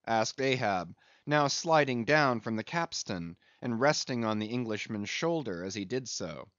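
A man narrating a classic novel in a measured, steady audiobook reading. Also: mid-range voice, no echo, muffled recording. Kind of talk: scripted narration.

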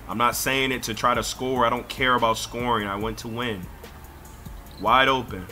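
A young man on headset voice chat during a basketball video game, bossy and argumentative, getting loud and defensive. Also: mid-range voice, steady tone, a little slow, faint music behind. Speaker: gamer streaming a pickup basketball game. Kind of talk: heated gaming voice chat.

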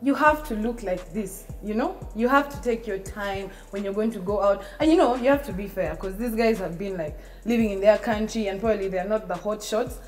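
Woman, podcast co-host, casual chat, playful teasing, mid-pitched voice. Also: brisk, hardly any pauses, darkish tone, faint music behind. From Uganda. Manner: teasing, playful, laughs often.

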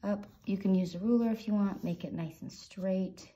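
A woman with a mid-range, dark-toned voice talks at normal speed through a relaxed drawing tutorial, upbeat and encouraging, with playful noises as she sketches. The highs in the recording are cut off.

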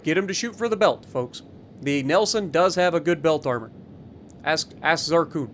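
A man with a high voice narrates his gameplay in a loose, chatty way. His pitch swings widely as he teases enemy players and picks apart their mistakes with dry sarcasm. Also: expressive, moderate pace, slight background noise. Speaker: gaming YouTuber. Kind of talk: casual gameplay commentary.

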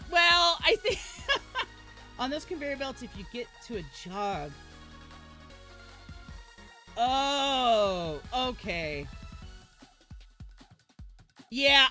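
Excitable swearing woman streamer. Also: on the high side, slow, pauses often, soft background music. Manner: swears and shrieks at failures; chatty and rambling with viewers. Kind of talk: live gameplay commentary.

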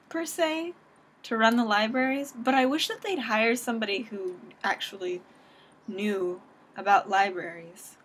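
A young woman from Southern California rants into her webcam at home, her voice sitting a bit high. She sounds sarcastic and self-deprecating as she vents in a loose, casual way. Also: fairly bright tone. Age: young adult. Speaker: vlogger.

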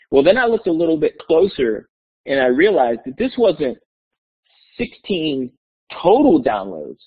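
A male teacher telling a classroom story to other educators in a webinar, energetic and enthusiastic, acting out the voices in his story. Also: medium pitch, moderate pace, slightly rough. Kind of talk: animated storytelling presentation. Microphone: webinar call mic. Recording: tinny phone-like webinar audio.

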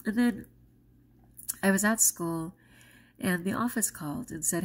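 A schoolteacher and vlogger, a woman, tells a personal story out of breath, expressive and dramatizing quotes with big jumps in pitch. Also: measured pace, long pauses.

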